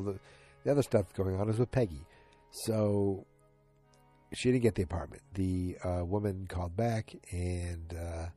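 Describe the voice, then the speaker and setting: Brief: a rambling male recapper, mellow and a bit low-pitched. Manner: rambling, with many fillers and restarts. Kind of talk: casual episode recap.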